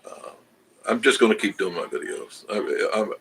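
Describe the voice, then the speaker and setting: An older man with a fairly low voice chats on his livestream, reading viewer comments aloud. He rambles, starts over, and laughs at himself as he talks. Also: moderate pace, fairly bright tone, a little hiss or hum, rough recording. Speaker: travel channel host reading live chat. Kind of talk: casual livestream chat.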